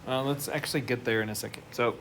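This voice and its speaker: A man's voice: mid-range voice, fairly even intonation, quick pace, creaky, fairly bright tone. Male math teacher, mid-range voice, patient step-by-step lecturing, classroom noise audible. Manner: explains step by step, asks the class questions. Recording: noisy classroom recording.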